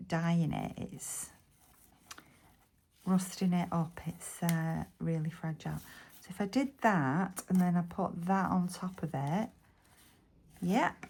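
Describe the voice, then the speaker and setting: A craft vlogger from Bolton, Lancashire, speaks with a lowish, somewhat mellow voice and a Bolton accent, with slight background noise. She chats casually through a crafting tutorial, muttering half-whispered asides to herself while she works.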